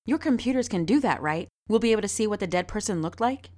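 A woman's voice: medium pitch, expressive, fast, a little mellow, pitched above the performer's own voice, close to an everyday voice. A woman voicing an eager, hot-tempered young girl in a storybook reading.

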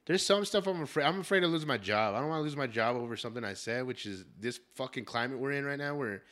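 A young man hosts a casual podcast and tells stories with lots of swearing and animation. His voice is bright and his pitch is mid-range. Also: quick pace. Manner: profane, animated storytelling. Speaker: podcast host.

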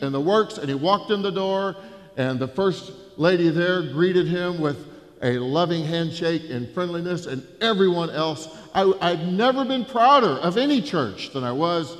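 A man, a pastor telling a story in a sermon, swinging from hushed to loud. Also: a little high. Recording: reverberant church hall.

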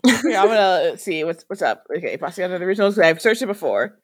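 Lively, laughing woman podcaster. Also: fairly low pitch. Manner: animated, laughing, quick asides. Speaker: podcast co-host. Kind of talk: casual recap chat.

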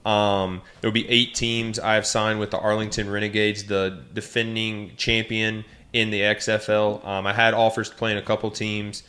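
Young man, podcast host, low voice, flat delivery, relaxed, um-filled casual chat. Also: moderate pace, few pauses. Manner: relaxed, easygoing, frequent ums.

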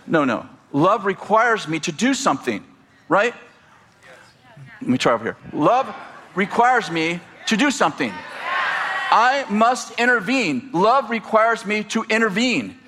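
A man preaching a sermon, animated and joking as he tells stories to his congregation. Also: high voice, a little slow, a little hiss or hum. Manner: animated, storytelling with humor and asides. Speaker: pastor.

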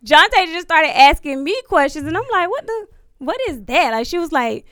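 A woman telling a story in casual, profane chat, animated and laughing, acting out what people said. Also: high-pitched, normal speed, no room sound, studio quality. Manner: animated, profane, laughs often, acts out quotes.

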